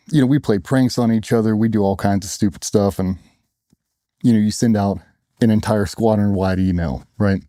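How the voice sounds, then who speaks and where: Blunt, dark-voiced man telling stories. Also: on the low side, no room sound, clean studio sound. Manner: blunt, profane storytelling with acted-out quotes. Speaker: guest, former special operations sailor. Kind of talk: storytelling in a casual interview.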